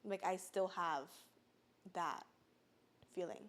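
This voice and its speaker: A woman's voice: lowish voice, fairly even intonation, slow, a bit bright. A woman speaking casually and earnestly about her own experience on a podcast, often saying "like" and at times holding back tears. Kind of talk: casual personal testimony.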